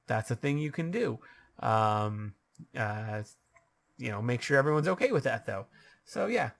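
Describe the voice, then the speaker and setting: A man's voice: medium pitch, creaky. A man casually explaining how tabletop role-playing games work, rambling along with lots of ums and uhs.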